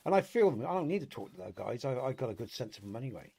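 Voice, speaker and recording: A man's voice: mid-range voice, sing-song, rapid-fire, creaky, warm tone, slightly rough. A British man talking loosely to his live audience while he plays a hunting game. He rambles and circles back on himself, drops casual swearing, and leans on "you know" constantly. He sounds like an easygoing host of a regular stream. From Britain.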